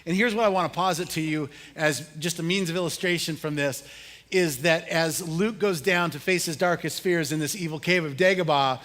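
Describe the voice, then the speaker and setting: A man's voice: sits high, fairly bright tone. A middle-aged man preaching a conversational sermon as pastor, telling humorous stories and asking the congregation questions. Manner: casual, humorous storytelling with audience questions.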